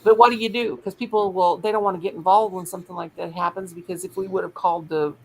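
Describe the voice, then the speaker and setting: A woman's voice: lowish voice, quick pace, vocal fry, slight background noise, rough recording. An older woman, a teacher, telling a rambling story in casual chat and acting out what other people said. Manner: rambling, animated quoting of others.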